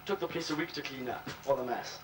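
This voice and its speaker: A man telling crude pub jokes in a deadpan storytelling way, slipping into voices for his characters. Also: medium pitch, fast. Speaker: joke teller. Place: social club gathering. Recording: distant room recording with crowd noise.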